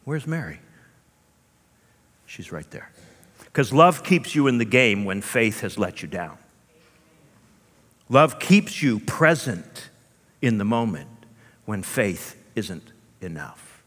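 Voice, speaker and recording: A male pastor preaching a sermon with animated storytelling and rhetorical asides, in a church hall. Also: on the low side, slow, long pauses. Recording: long hall reverb.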